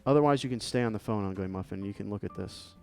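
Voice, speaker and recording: A man's voice: fairly low pitch, fast, vocal fry, mellow, faint music behind. A man hosting a live stream, opening fan mail and chatting in a playful, joking, thankful way. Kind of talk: casual live-stream chat.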